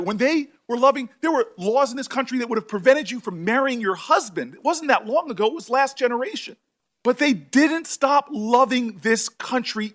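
A senator speaking emotionally at a hearing, halting and repeating his words. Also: high-pitched, fairly bright tone.

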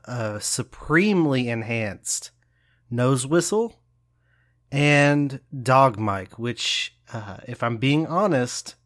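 Slow-talking sincere host man. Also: medium pitch, fairly bright tone. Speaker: show host. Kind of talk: outro announcement.

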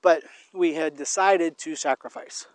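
A man's voice: fairly high pitch, dry recording. A man chatting casually about faith and love, rambling and restarting often as he talks while walking outdoors. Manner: rambling, halting with many restarts. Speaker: co-host.

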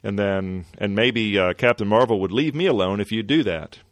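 A man's voice: fairly low pitch, normal speed, no echo, close to an everyday voice. A man voicing a selfish, grumbling old miser toymaker in a comic story read aloud. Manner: sulky, complaining whine.

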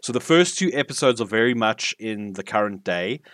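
Lowish-voiced man, enthusiastic. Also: expressive, moderate pace, a bit bright, no room sound. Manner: enthusiastic, many fillers and restarts. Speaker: podcast co-host reviewing TV. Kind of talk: casual podcast chat.

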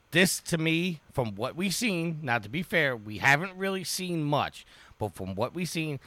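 A man on a casual gaming podcast, blunt and critical in quick bursts. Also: medium pitch, pushed and bright, no room sound.

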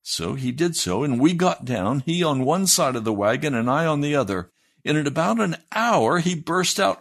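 A man's voice: on the high side, expressive, moderate pace, creaky. A man, a pastor, reading a story aloud in a sermon, raising his voice for the quoted lines.

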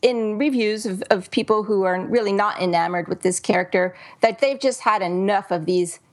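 A woman's voice: mid-range voice, moderate pace. Chatty woman podcast host. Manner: chatty, laughs easily, many fillers. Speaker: podcast host and thriller author. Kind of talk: casual podcast chat.

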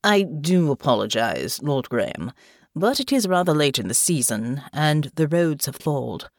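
A woman reading an audiobook, voicing a polite, humble male servant in a lowered voice. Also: very animated, a little slow, no echo, studio quality, exaggerated voice. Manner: courteous, humble.

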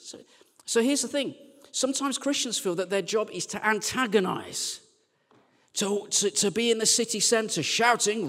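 A man preaching a sermon as a church team leader, chatty and joking, then turning quiet and earnest. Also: high-pitched, lively intonation, moderate pace, in a large hall. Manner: conversational and joking, dropping to quiet earnest lines.

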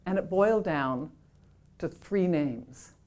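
Lively, laughing woman telling a story. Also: low-pitched, slow pace. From Canada. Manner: lively, laughing, self-deprecating, acts out quoted voices. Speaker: author telling a story to an audience. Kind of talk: anecdotal storytelling.

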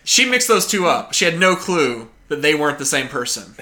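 A man co-hosting a podcast in casual chat, dropping wry, deadpan jokes. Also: fairly high pitch, moderate pace. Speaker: podcast co-host.

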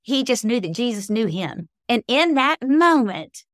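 A woman's voice: fairly high pitch, big pitch swings, unhurried, fairly bright tone, dry recording, clean studio sound. Earnest woman telling faith stories. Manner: earnest, emotional storyteller. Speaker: guest, author. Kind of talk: faith-based interview storytelling.

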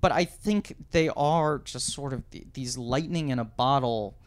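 Male podcast guest, 30s, animated and digressive raconteur, average pitch. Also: measured pace, clear, resonant tone. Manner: animated, digressive storyteller, does voices. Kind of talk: casual chat, storytelling.

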